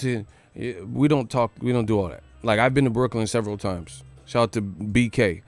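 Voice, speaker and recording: A man's voice: lowish voice, normal speed, few pauses, no echo. Profane man ranting casually. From United States. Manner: loose, profane, repetitive street slang. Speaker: boxing commentary host. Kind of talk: live stream rant.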